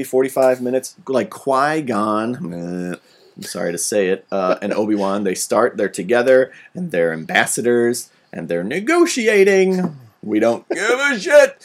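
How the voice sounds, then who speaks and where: A man hosting a casual podcast chat, ranting animatedly and swearing freely. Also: mid-range voice.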